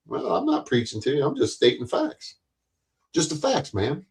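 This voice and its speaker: A man's voice: a little high, huge pitch swings, moderate pace, darkish tone. A man, hosting his own live stream and ranting at his audience in a profane, combative, mocking way. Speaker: livestream host.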